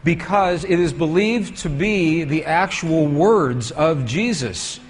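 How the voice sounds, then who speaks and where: A man's voice: on the high side, lively intonation, slow pace, a little hiss or hum. A man giving a storytelling lecture with slides to an audience, asking them questions as he goes.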